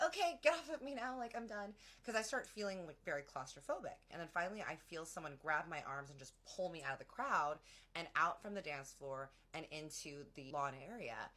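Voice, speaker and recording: A young woman casually telling a long personal story, chatty and slangy, acting out what everyone said. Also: low-pitched. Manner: chatty, animated, acts out quotes of friends; slangy, many "like"s.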